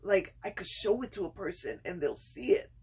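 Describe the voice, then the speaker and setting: A vlogger with a breathy, mid-range voice tells a personal story in a casual vlog from home. She starts hesitantly, with many fillers and pauses, then gets excited and laughs as the story builds. Her throat is slightly itchy from screaming.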